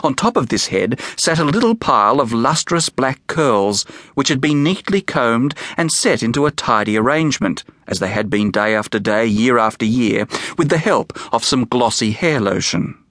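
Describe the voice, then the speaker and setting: A man narrating a children's novel as an audiobook in an expressive storytelling manner. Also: medium pitch, moderate pace, few pauses, dry recording, studio quality.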